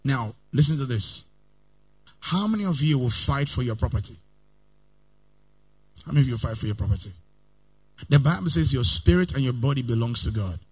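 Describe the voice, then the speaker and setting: A male pastor preaching a sermon, swinging between loud outbursts and quiet asides, sometimes in a sing-song cadence and calling on his listeners to repeat after him. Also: mid-range voice, animated, moderate pace, long pauses, husky. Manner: calls the congregation to repeat lines after him.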